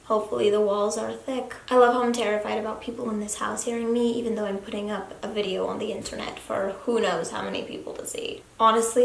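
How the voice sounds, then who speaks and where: A young woman vlogger talking earnestly to camera in a room of a family house, soft-spoken and sometimes dropping to a hushed whisper. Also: mid-range voice, fairly even intonation, brisk, vocal fry. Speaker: YouTube vlogger. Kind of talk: confessional talk to camera. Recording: echoey room, faint background noise.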